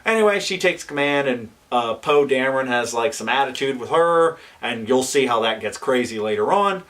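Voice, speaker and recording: A man's voice: mid-range voice, moderate pace, far from the mic. Exasperated man ranting about a film. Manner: animated, exasperated ranting with fillers. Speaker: film reviewer. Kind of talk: casual spoken movie review.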